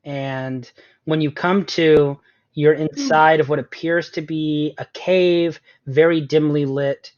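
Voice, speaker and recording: A man runs a tabletop game in a loose, easygoing way, with plenty of fillers. His voice sits slightly high, and the recording is dull and lo-fi. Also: steady tone, slow pace, darkish tone. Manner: casual, filler-heavy. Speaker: game master. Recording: dull lo-fi sound.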